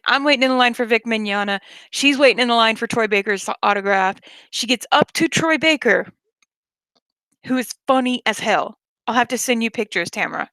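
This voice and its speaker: Rambling Southern woman, high dry voice. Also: no echo. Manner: rambling, animated storytelling with frequent laughs and swearing. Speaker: streamer chatting with viewers. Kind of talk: casual late-night chat.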